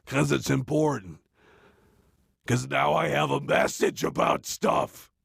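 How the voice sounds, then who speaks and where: A man giving a rambling, deadpan comic monologue full of restarts and asides, close to the mic. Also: mid-range voice, slow pace, gravelly, breathy edge, no echo. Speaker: comedian doing a parody reading.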